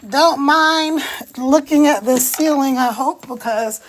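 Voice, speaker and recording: A woman's voice: sits high, slow pace, slight background noise. A woman hosting a casual livestream from home on her phone, chatting and laughing as she greets viewers and walks around. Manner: walking around while talking. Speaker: livestream host.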